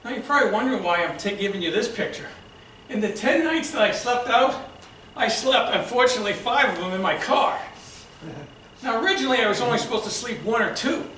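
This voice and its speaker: A man with a Boston accent giving a prepared storytelling speech at a club meeting, a lively storyteller who acts out shouted quotes. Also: very high-pitched, a little fast, slight background noise. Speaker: club speaker. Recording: echoey room from far off.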